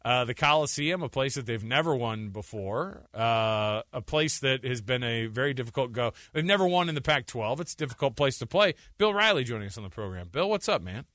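A man's voice: medium pitch, animated, a little fast, few pauses, fairly bright tone, no echo, clean studio sound. A man hosting a sports radio show, bantering and joking with his co-host and laughing often. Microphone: studio microphone.

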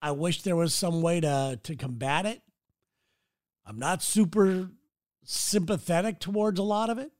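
Blunt high-voiced male podcast host. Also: unhurried, darkish tone. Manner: blunt, rambling, swears freely. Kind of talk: casual solo monologue. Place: city.

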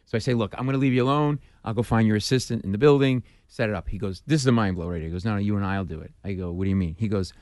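A man, a stand-up comedian, telling a story in an animated way, acting out the voices and shrieking at the funny parts. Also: fairly low pitch, rapid-fire, few pauses, no room sound, studio quality. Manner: acts out dialogue, mimics screams, self-deprecating.

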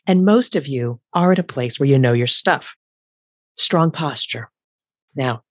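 A woman with a low alto voice talks on her podcast as a career coach. She speaks with emphasis and brings her sentences down at the end. The sound is close and dry, with no room around it. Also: a little mellow, dry recording. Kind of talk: solo podcast talk. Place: home office at a standing desk.

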